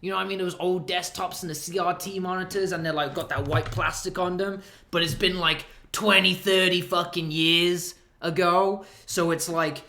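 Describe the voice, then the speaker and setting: A man's voice: high voice, flat delivery, moderate pace, hardly any pauses, bright, forceful tone. Profane rambling man in an echoey room. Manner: profane, rambling, laughs often. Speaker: streamer. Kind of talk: crude comedic storytelling.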